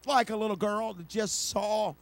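A man preaching an impassioned sermon, swinging from quiet storytelling to shouted, excited passages. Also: sits high, normal speed.

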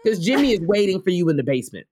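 A woman hosting a casual movie review chat, animated and playful, with lots of slang. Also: on the low side, racing, a little hiss or hum.

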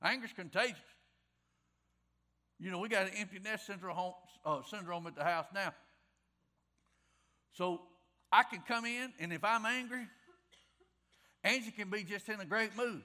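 A man's voice: high voice, measured pace, long pauses, pushed and bright. A middle-aged man preaching a sermon in a folksy, conversational way, repeating his key phrases. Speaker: pastor.

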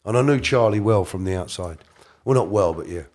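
His voice is lowish and a little mellow, with lively intonation and a brisk tempo. A middle-aged man being interviewed, he rambles through a casual story, amends what he says, and slips into quoted voices.

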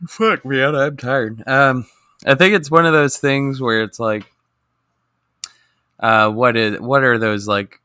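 Man, podcast co-host, crisp smooth tone, dry wit. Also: medium pitch, slow, pauses often, bright, forceful tone, no room sound. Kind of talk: casual chat about a film.

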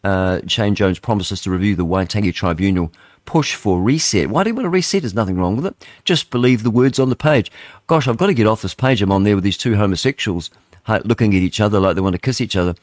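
A man in his sixties hosts a radio show with a somewhat low voice. He rambles through headlines in a loose, chatty way, thinking aloud as he goes. The studio sound is close and dry. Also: lively intonation, fast, no echo. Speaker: radio host. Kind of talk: casual radio chat, reading headlines aloud.

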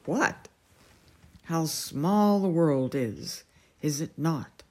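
Flustered elderly king, read aloud by a woman; fussy, blustering, louder and higher than her narration. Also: lively intonation, drawn-out words, heavily acted. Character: flustered nervous old king.

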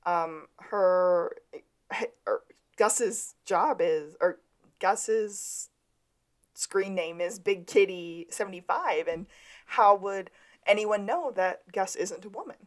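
A woman with a mid-range voice speaks slowly as she co-hosts a podcast. She casually recaps a TV episode, retelling scenes from her notes and laughing along often.

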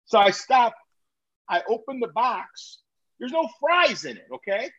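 High-voiced man telling a profane story. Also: measured pace, husky. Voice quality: profane, animated, laughs while telling. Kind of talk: casual storytelling chat. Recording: slightly muffled recording.

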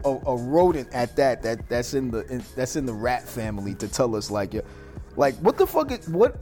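A man co-hosting a radio talk show, joking loudly and crudely and laughing often. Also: medium pitch. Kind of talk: casual banter on a radio show.

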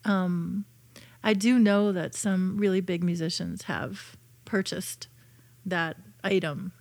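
A woman's voice: on the low side, steady tone, slow pace, darkish tone, no echo. A woman telling personal stories in a casual chat, with many fillers and restarts.

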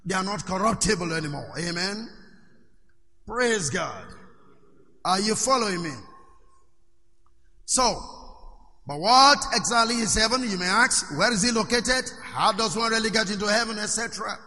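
A man's voice: high-pitched, moderate pace, pauses often, bright, forceful tone, in a large hall. A man preaching a sermon, questioning his congregation and waiting for their replies.

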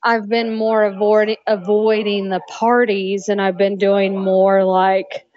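A woman from North Carolina with a slow Southern drawl, chatting upbeat as a guest on an interview. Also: mid-range voice, flat delivery, a little mellow, dull audio. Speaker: guest, cocktail social media creator. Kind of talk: casual interview chat.

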